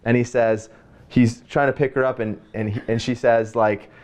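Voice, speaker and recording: A man hosting a relaxed church discussion, telling stories and joking with his guests. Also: mid-range voice, moderate pace. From Canada. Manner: storytelling, relaxed and jokey. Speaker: host, pastor. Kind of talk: casual faith discussion.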